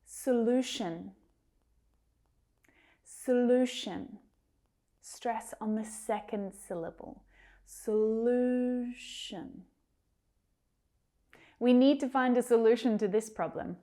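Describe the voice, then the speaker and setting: A woman with a slightly high, mellow voice teaches English pronunciation, carefully drawing out each word slowly before using it in example sentences.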